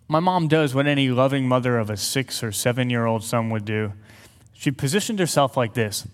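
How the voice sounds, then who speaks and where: A man's voice: medium pitch, smooth. A man giving an earnest sermon to an audience, telling a personal story with light humorous asides. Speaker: speaker to an audience. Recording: long hall reverb.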